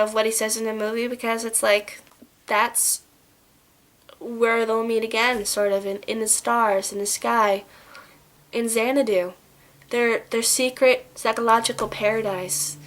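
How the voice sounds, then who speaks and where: A woman with a fairly high voice talks into her camera in a relaxed, rambling review vlog. She doubles back and restarts her sentences as she works her thoughts out aloud. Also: poor audio. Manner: rambling and chatty, with frequent restarts. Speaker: book and film reviewer.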